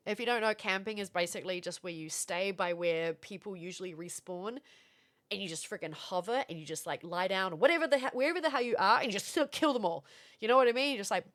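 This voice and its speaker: Young woman, livestreamer, casual chat, animated, mid-pitched, swears. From Florida.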